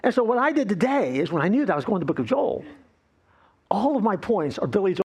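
A male pastor preaching a playful, animated sermon, acting out the voices of complaining people. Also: high voice, fast, husky.

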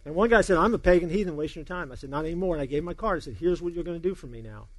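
Middle-aged male pastor, high voice, very expressive storyteller, dry close sound. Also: very fast, dry recording. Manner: animated storyteller, acts out dialogue, laughs along. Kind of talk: sermon with a humorous personal story.

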